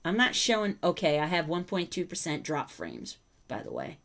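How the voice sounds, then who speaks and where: A woman's voice: low voice, huge pitch swings, normal speed, creaky. A woman hosting a casual livestream, chatting with viewers and breaking off to talk to her dogs. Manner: chatty, talks to her dogs and chat between thoughts. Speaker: livestream host.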